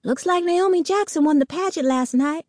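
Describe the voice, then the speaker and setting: A woman reading an audiobook, voicing a secretive fifth-grade boy who talks in an urgent hush. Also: extremely high pitch, moderate pace, dry recording, studio quality, pitched above the performer's own voice. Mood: eager. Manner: hushed and urgent when whispering.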